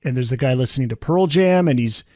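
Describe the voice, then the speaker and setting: A man's voice: medium pitch, fast talker, warm tone, dry recording. Podcast host man with dry sound. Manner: reads passages aloud, conversational questions. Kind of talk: podcast interview.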